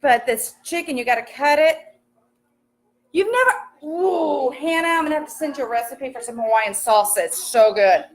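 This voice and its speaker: Chatty high-voiced young woman on a livestream. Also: expressive, normal speed. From American countryside. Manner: chatty and upbeat, greets commenters warmly by name, laughs often. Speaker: livestream host cooking while reading comments. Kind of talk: casual chatty livestream while cooking. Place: home kitchen. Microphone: phone camera.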